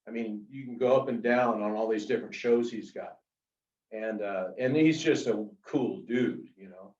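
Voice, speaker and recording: Middle-aged man, casual anecdotes, lots of fillers, echoey room, dull sound. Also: medium pitch. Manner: chatty, animated anecdotes with frequent fillers. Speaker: author being interviewed. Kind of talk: casual storytelling. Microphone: video call. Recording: roomy, distant, dull video call audio.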